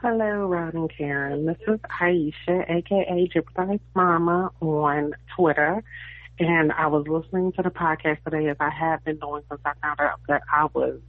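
A woman's voice: low voice, moderate pace, no echo. Woman leaving a voicemail, tinny phone line, super dry, gushy and rambling. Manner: gushing, chatty, rambling with fillers. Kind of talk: voicemail to a podcast.

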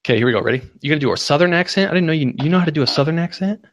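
A man hosting a prank-call show, talking fast and teasing, with profanity. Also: on the high side, lively intonation, dry recording. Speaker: host. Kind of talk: casual chat.

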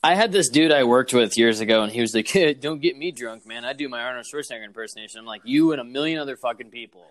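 A man chatting on a podcast about old movies, loose and crude. He keeps breaking into goofy impressions of film characters. His pitch sits in a plain middle range. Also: fast, hardly any pauses. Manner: joking, does silly movie-star impressions. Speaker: podcast co-host. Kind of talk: casual crude movie chat.

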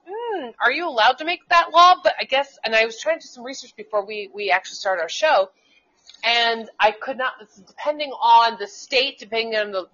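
Heated and rambling, this woman co-hosts a casual political talk show, full of restarts and swearing; she works as a schoolteacher. Her voice is mid-range with a fairly bright tone, heard through dull, lo-fi internet radio audio.

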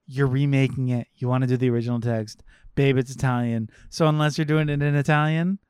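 A man's voice: mid-range voice, a little mellow, clear, resonant tone, no room sound, studio quality. Sarcastic, profane male podcast co-host. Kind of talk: casual chat, film review.

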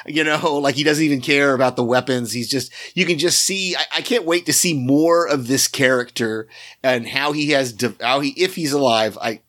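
A man's voice: medium pitch, moderate pace, fairly bright tone. A man co-hosting a podcast, chatting casually about a TV episode and restarting his sentences often. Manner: rambling, many restarts and fillers. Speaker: podcast co-host. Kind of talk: casual TV recap chat.

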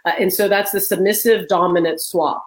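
A woman in her forties, a guest author in a conversational interview, telling animated stories and acting out what people said. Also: medium pitch, brisk, poor audio. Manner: animated storytelling, acts out quoted voices. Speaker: guest author and leadership trainer.

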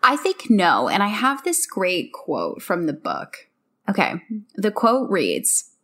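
A woman's voice: medium pitch, wildly swooping pitch, slow, a bit bright. Rambling, chatty woman discussing a book. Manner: chatty, searching for words with many fillers. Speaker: book club podcast co-host.

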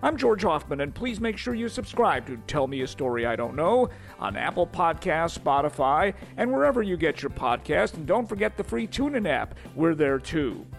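A man opens a podcast in an upbeat announcer manner, and his pitch swings widely. His voice is high and has a gravelly edge. Faint music plays behind him. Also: big pitch swings, moderate pace. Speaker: podcast host. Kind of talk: scripted podcast intro.

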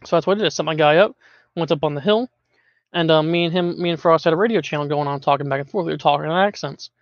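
Man, high voice, lively storyteller, dry and dull lo-fi voice chat, laughs easily. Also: fast, no echo. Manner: animated, laughs often, uses filler words. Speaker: podcast guest, longtime community member.

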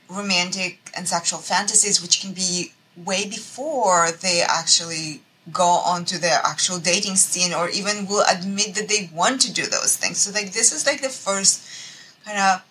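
A woman's voice: medium pitch, pushed and bright, breathy edge, low-quality recording. A woman who is an associate professor, explaining her research as a podcast guest with frequent hesitations.

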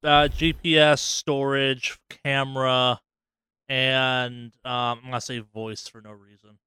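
A man's voice: mid-range voice, flat delivery, slow pace, pushed and bright, clean tone, dry recording, studio quality. A man co-hosting a casual podcast, teasing and wry. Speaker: podcast co-host.

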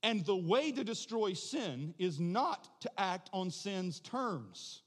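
Impassioned high-pitched male preacher. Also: very animated, takes it slowly. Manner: impassioned, builds to shouting then drops to soft prayer. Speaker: pastor. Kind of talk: sermon. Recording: long hall reverb.

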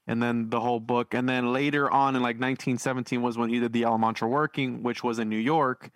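A man's voice: mid-range voice, steady tone, fast talker, no room sound. A man co-hosting a podcast chat, brash and crude in his jokes. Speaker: podcast co-host guest.

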